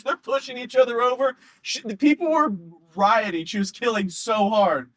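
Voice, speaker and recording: Man, high-pitched, animated rambling storyteller, dry close sound. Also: normal speed, few pauses, dry recording. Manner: rambling, laughs often, animated. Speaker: comedian guest. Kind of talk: casual chat, storytelling.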